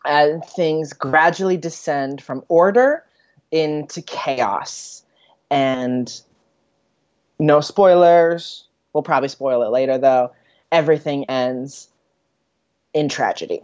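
A woman's voice: deep voice, takes it slowly, darkish tone, dry recording. A woman co-hosting a podcast in casual chat, summarizing a story in a rambling way with fillers and laughs. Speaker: podcast co-host. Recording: dull, lo-fi dry recording.

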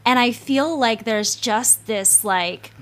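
A woman's voice: on the high side, takes it slowly, a bit bright. A woman hosting a podcast, telling an anecdote in casual chat, emotional and full of fillers. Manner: emotional, storytelling, lots of fillers. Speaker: podcast host.

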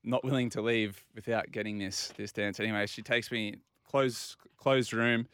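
A man's voice: lowish voice, moderate pace, clean tone, dry recording. Australian guy telling a story dry. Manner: animated anecdote, acting out quoted dialogue. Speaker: regular guest. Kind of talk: casual storytelling.

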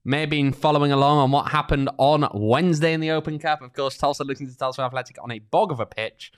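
A man's voice: fairly high pitch, fairly even intonation, fast talker, smooth. A man co-hosting a casual soccer preview podcast, chatty with dry sarcastic asides. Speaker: podcast co-host.

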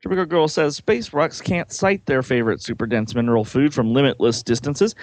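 A man's voice: mid-range voice, fairly quick, hardly any pauses, no room sound. A man casually reading comic-book dialogue aloud, adding joking asides and laughing often.

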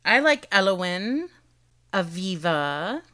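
A woman's voice: medium pitch, very animated, slow pace, a bit bright. Dry, blunt woman podcast co-host. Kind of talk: casual chat.

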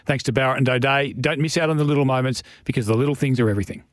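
A man's voice: mid-range voice, very fast. A man hosting an interview show, reading links and asking questions. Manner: clear scripted links and questions. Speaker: podcast host.

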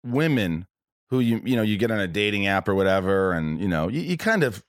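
A man's voice: on the low side, animated, fairly quick, dry recording, studio quality. A man hosting a podcast in casual chat, rambling and profane with many restarts. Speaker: podcast host.

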